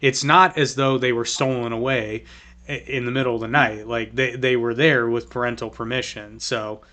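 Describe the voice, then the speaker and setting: A man's voice: mid-range voice, steady tone, normal speed, sharp tone. A man co-hosting a casual podcast conversation, with a mid-range voice. He jokes easily and often restarts a sentence partway through. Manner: joking, restarts his sentences. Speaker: podcast co-host. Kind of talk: casual chat.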